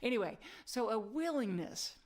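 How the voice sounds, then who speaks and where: Preaching a sermon, this middle-aged woman pastor is animated, chatty and self-deprecating, with occasional soft whispers for emphasis. Her voice leans high, and her pace is moderate.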